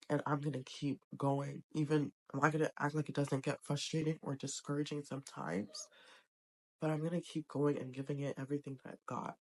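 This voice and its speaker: A woman's voice: deep voice, a little mellow. A young adult woman talking to camera in a casual vlog, earnest, emotional and encouraging. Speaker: vlogger. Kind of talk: casual heartfelt vlog talk.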